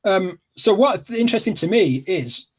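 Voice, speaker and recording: A man's voice: sits high, expressive, moderate pace, a crowd in the background. A middle-aged man from England with a Sheffield accent, a guest in a casual chat, rambling and repeating himself with plenty of fillers. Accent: Sheffield, South Yorkshire.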